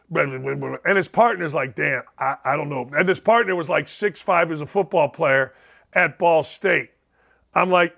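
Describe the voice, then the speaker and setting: A man hosting a sports talk show, telling rambling stories with excitement and repeating himself. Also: high-pitched.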